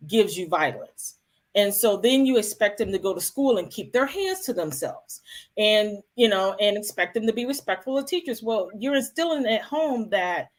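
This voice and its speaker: A middle-aged woman speaking in a relaxed conversational way. She is calm and reflective, earnest, and often restarts her sentences as she thinks aloud. Her voice sits at an ordinary pitch for a woman. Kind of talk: casual conversation.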